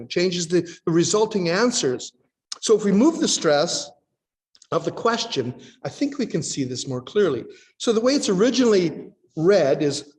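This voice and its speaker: A man preaches in a fairly high voice that swoops up and down with a lot of expression. He reads scripture and acts out the people in it in a teaching tone. Long reverb from a worship hall carries each phrase. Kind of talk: sermon.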